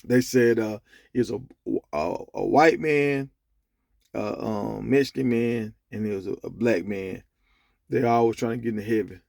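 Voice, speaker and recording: A man giving a casual commentary rant, animated and profane, telling stories to make his point. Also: lowish voice, moderate pace, gravelly, no room sound, studio quality. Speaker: sports commentator.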